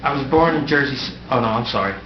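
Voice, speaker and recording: This middle-aged man's medium-pitched voice is expressive and quick. As the departing mayor, he reads a farewell address from the council dais, poking wry fun at himself. Echo, noise and a dull tone mark the room recording.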